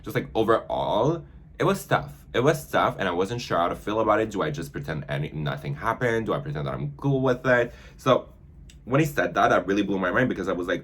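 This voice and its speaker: A man's voice: on the low side, animated, brisk, fairly bright tone, slightly rough. A man chatting casually through a makeup tutorial, filling his talk with "like" and stumbling whenever he reads aloud. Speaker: makeup vlogger.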